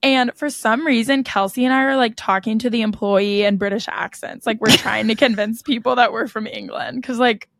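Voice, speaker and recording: A woman's voice: on the high side, fairly even intonation, normal speed, creaky, few pauses, a bit bright, no echo, clean studio sound. A young woman co-hosting a podcast, telling stories in casual chat with lots of "like.". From United States. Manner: chatty, storytelling, frequent "like". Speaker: podcast co-host.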